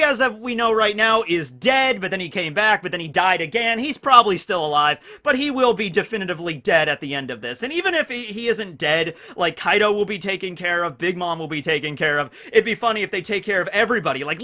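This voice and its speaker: A man's voice: high voice, bright, forceful tone. A man giving casual, rambling anime commentary, with loose fillers throughout. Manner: rambling, loose, full of "you know" fillers. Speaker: anime discussion YouTuber.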